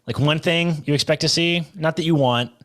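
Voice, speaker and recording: A man co-hosting a fan podcast, talking in an excited, rambling way full of fillers. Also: fairly high pitch, moderate pace. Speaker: podcast co-host. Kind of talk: casual chat.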